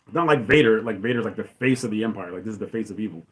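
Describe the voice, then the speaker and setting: On a podcast, a man with a lowish voice rambles with enthusiasm in casual commentary. He retells a movie scene and acts out the lines in quick voices.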